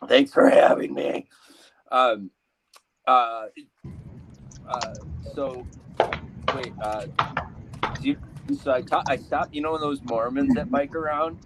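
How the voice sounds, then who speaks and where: A man in his thirties telling a rambling stand-up story, halting, full of fillers and restarts. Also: mid-range voice, steady tone, noisy background. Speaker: comedian.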